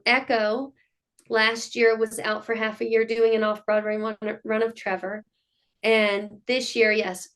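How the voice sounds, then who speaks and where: Animated woman telling stories, slightly high. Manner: animated storyteller who acts out quotes. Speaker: guest, mother of child performers. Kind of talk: casual storytelling in an interview.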